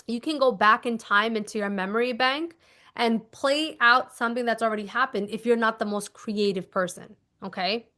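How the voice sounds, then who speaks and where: Emphatic woman coaching, slightly high voice. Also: normal speed. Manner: emphatic, repeats instructions, checks in with "okay?"; animated, acts out little scenes. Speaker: manifestation coach. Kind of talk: casual teaching monologue.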